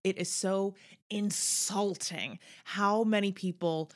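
A woman's voice: medium pitch, steady tone, slow pace. A woman co-hosting a podcast in casual chat, wry and chatty with jokey asides. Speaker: podcast co-host.

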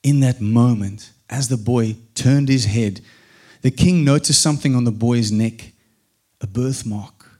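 Calm man narrating a storybook tale. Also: medium pitch. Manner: calm, unhurried, with small restarts.

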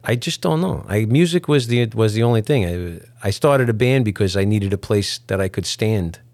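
Gravelly New York man, halting talk. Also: fairly low pitch, expressive, darkish tone, no echo. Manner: halting, restarts, mumbling. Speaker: musician guest. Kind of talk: casual interview chat. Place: video call at home.

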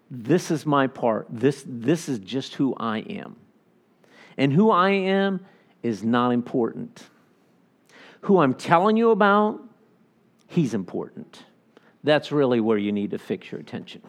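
Guy pastor giving a sermon, fairly high voice, gets lively and plays out the quotes. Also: unhurried. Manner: animated, acts out quoted voices.

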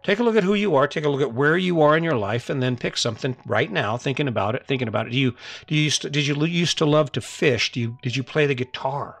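Speaking fast in a mid-range voice, this middle-aged man hosts a podcast built around a motivational monologue. He's earnest and coaxing, repeating one challenge to his listeners over and over. No room sound, though faint music plays behind him.

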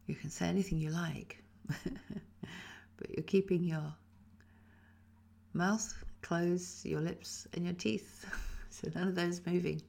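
Husky gravelly woman teaching voice. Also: lowish voice, takes it slowly. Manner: calm, instructive, demonstrates sounds. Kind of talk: guided voice exercise.

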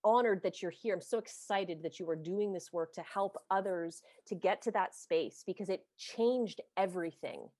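A woman host asks gentle questions in a slightly low voice, full of enthusiasm, often stopping and restarting her sentences. The recording is dry and close. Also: no echo. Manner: warm, effusive, halting restarts. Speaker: podcast host. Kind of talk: conversational interview.

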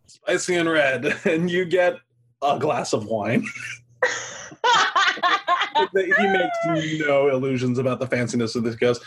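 A man running a tabletop game as game master, playful and quick to laugh. His voice is husky, and his pitch moves in an animated way.

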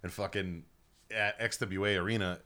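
A man's voice: low voice, fairly even intonation, normal speed, sharp tone. A young man hosting a casual podcast, telling a long, profane story with lots of laughing. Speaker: podcast host.

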